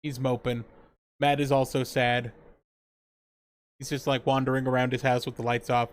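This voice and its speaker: A man's voice: mid-range voice, level tone, normal speed. A man casually recapping a TV episode on a podcast, swearing freely and laughing as he acts out characters' lines. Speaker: podcast co-host.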